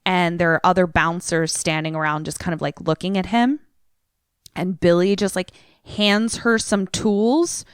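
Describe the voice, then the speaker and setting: A woman's voice: fairly low pitch, fairly even intonation, unhurried, smooth, dry recording, clean studio sound. A young adult woman co-hosting a podcast, casually recapping a film in a loose, irreverent way full of "like". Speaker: podcast co-host. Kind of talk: casual movie recap chat.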